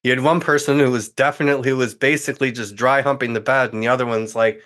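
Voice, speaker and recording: A man's voice: mid-range voice, fairly even intonation, fast, a bit bright. A man guesting on a podcast, chatting casually and thinking aloud candidly. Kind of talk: casual chat.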